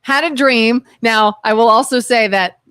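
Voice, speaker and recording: A woman's voice: fairly high pitch, normal speed, fairly bright tone, clean tone, no echo. An American woman co-hosting a call-in talk show, speaking earnestly and with passion, often restarting her sentences. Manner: earnest and impassioned, many restarts. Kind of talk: casual talk show chat.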